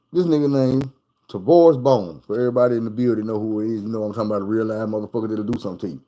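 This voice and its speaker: A man's voice: mid-range voice, low-quality recording. A man casually telling a story in loose, profane street talk, acting out the people in it. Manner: animated, acts out the people in his story. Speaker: streamer.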